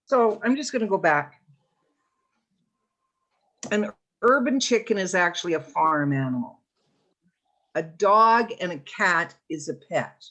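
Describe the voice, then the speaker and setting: Slow, emphatic woman councillor. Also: lowish voice, lively intonation, a bit bright. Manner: emphatic, insistent. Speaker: town councillor. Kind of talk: council meeting debate.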